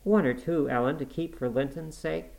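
A man's voice: lowish voice, moderate pace, lightly acted, low-quality recording. A man reading aloud and voicing a desperate teenage girl who pleads in tears. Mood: begging. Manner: breathless, pleading, tearful.

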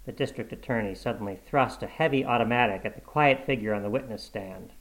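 A man narrating a short story in a measured, even audiobook reading. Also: on the low side, rough recording.

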